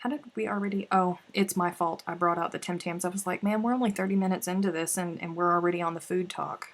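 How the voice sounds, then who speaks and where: A woman's voice: lowish voice, steady tone, quick pace. A woman hosting a casual craft livestream, chatting and reading out viewer comments with sighs and laughs. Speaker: livestream host. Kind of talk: casual chat while crafting.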